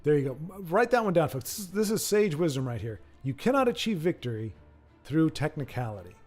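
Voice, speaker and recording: Man streaming a card game, slightly high voice, rambling and joking, faint music behind. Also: big pitch swings, a little fast, a little mellow. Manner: rambling, self-deprecating, joking. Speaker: streamer and caster. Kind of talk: casual live-stream commentary.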